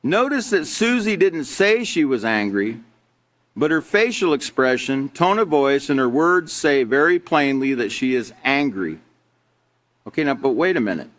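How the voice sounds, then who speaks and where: A man's voice: mid-range voice, very animated, moderate pace, a bit bright. A middle-aged man teaching a live online character education class, reading from slides and asking rhetorical questions. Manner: conversational, asks rhetorical questions, reads from slides.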